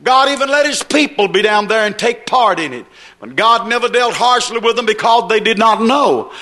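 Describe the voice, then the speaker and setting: A man's voice: high voice, expressive, normal speed, pushed and bright. A man preaching a sermon with an emphatic, repetitive cadence.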